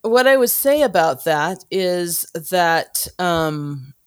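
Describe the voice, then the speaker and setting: A woman's voice: lowish voice, lively intonation, takes it slowly, smooth. A woman hosting a podcast in casual chat, meandering with many fillers. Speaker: podcast host.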